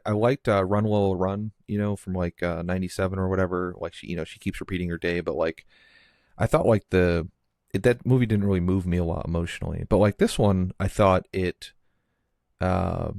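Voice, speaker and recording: A man with a very deep voice hosts a casual movie podcast, thinking out loud in long, meandering sentences full of fillers and restarts. His voice sits close and dry, with no room sound around it. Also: vocal fry, no echo. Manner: rambling, heavy use of "like" and restarts. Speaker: podcast host.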